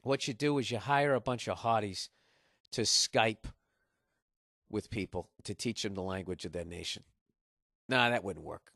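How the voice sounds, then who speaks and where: A man's voice: lowish voice, normal speed, gravelly, pauses often, a bit bright, no room sound, clean studio sound. A man from Massachusetts, hosting a podcast in a rambling, profane comedic monologue. He is jet-lagged. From Massachusetts, USA. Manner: profane, sarcastic, riffing. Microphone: podcast studio mic.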